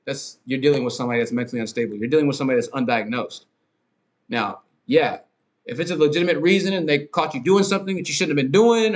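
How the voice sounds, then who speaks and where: A man hosting a podcast, ranting in a casual, rambling monologue with frequent swearing, fillers and restarts. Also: fairly high pitch. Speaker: podcast host.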